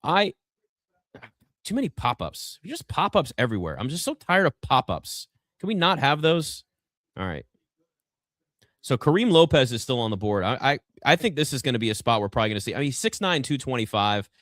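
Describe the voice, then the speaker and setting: A man hosts a casual live sports talk show from a garage set, voice at a middle pitch. He rambles and pokes fun at himself between picks. The sound is dry and close. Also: very animated, a little fast, fairly bright tone, dry recording. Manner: chatty, rambling, self-deprecating. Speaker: draft show host.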